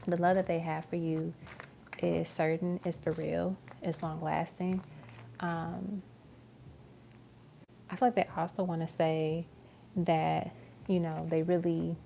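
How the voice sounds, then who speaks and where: A woman giving a live-stream tarot reading, talking in a soft, musing way with many fillers. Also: lowish voice, gravelly, slight background noise. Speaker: tarot reader.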